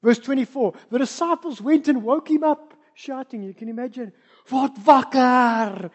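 A woman with a South African accent preaching a sermon, moving between soft asides and loud, emphatic passages. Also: high voice, brisk, lo-fi sound.

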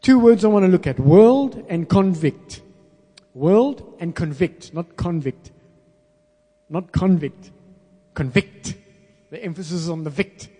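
A man preaching a sermon, stressing words slowly and calling on the congregation to repeat after him. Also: high voice, lively intonation, mellow, slightly rough. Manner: call-and-response with congregation; emphatic, slows down to stress words. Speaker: pastor. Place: church hall. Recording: long reverb in a large hall.

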